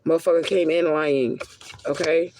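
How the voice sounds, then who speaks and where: A woman's voice: sits low, fairly even intonation, moderate pace, a little mellow, a little hiss or hum. A woman spiritual reader giving a casual reading, talking in a blunt, profane way and repeating herself with heat for emphasis. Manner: emphatic, heated repetition.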